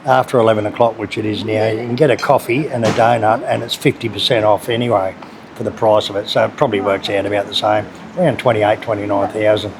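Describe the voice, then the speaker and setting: Fast-talking and lowish-voiced, this Australian food vlogger chats in a relaxed, laid-back way about a local cafe during casual vlog narration, recorded amid a noisy cafe.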